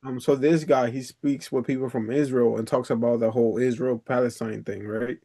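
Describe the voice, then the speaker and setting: A man's voice: mid-range voice, steady tone, moderate pace, creaky, dark tone. Dominican guy on a video call, mid voice, rambling funny stories, laughs a lot. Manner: chatty storyteller, laughs often, swears, says "bro" a lot. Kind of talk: casual chat on a coaching call.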